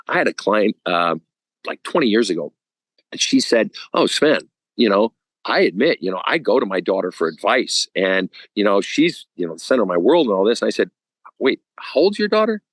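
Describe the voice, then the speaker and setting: A man's voice: on the low side, brisk. A man talking as a counselor guest in a casual podcast chat. He is blunt and profane, and he acts out little scenes as he tells stories. The sound is dry and close, with no room echo. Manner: blunt and profane, animated storytelling.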